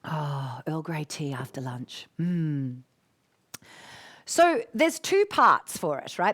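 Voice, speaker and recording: A middle-aged Australian woman hosting a live-streamed coaching talk, expressive and affectionate with her listeners. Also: deep voice, slow. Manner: warm, expressive, calls listeners "my darling".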